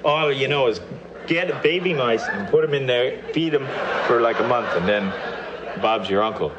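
Man playing a dopey Canadian hoser, exaggerated Canadian accent, rambling, dull lo-fi recording, loud hiss behind. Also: mid-range voice, natural voice. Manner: slow, rambling, says "eh". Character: dopey Canadian man, beer-loving TV co-host. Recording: dull lo-fi TV clip with loud noise.

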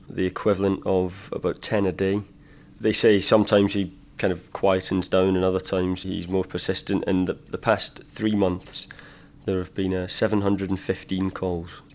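Correspondent: man, low and even voice, plain explanatory manner, dull lo-fi sound. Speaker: crime correspondent. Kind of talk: remote news interview.

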